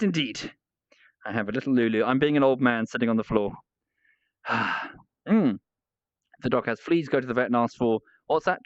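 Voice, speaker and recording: A man's voice: medium pitch, no room sound, muffled recording. A man livestreaming, chatting casually with rambling, self-mocking banter.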